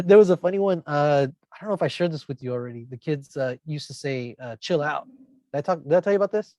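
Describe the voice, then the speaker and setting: A man's voice: fairly high pitch, lively intonation, fast talker, mellow, no echo, lo-fi sound. A man, a teacher, telling rambling anecdotes in a casual podcast chat and acting out what his students said. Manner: rambling anecdotes, acts out quoted kids with shifts in tone. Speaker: podcast co-host, middle school teacher.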